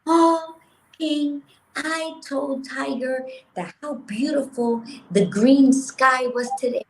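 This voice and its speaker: A woman's voice: high voice, takes it slowly, slight background noise, pitched above the performer's own voice, low-quality recording. Woman doing a whiny tattletale donkey. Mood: snitching.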